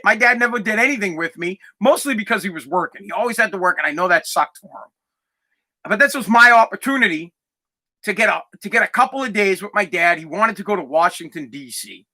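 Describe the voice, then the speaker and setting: Bright, high-voiced man near tears. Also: expressive, a little fast. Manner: candid, rambling, heavy swearing. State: close to tears. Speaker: podcast host. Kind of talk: emotional personal story.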